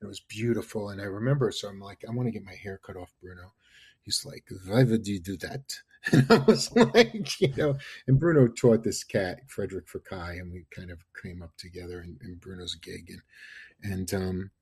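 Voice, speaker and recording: A middle-aged man from New York telling excitable, animated stories in a casual chat, full of fillers and asides. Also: low voice, normal speed, slightly rough. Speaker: podcast guest. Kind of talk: casual storytelling.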